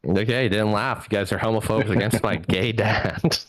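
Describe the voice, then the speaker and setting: A man's voice: fairly low pitch, moderate pace, no room sound. A young man doing a stand-up set over a video call from a home microphone, rambling loosely and laughing at his own jokes. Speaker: stand-up comedian.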